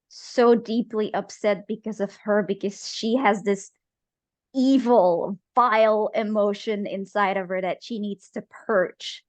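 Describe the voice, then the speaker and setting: Slow, halting woman game master. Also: medium pitch, no room sound. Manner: halting, many filler pauses. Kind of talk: narrating a tabletop game.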